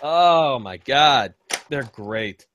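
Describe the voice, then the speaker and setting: A man's voice: medium pitch, very slow, highs cut off, slight background noise. A man hosting a podcast, chatting casually and joking, with some swearing. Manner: sweary, animated, jokey. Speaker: podcast host. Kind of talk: casual chat.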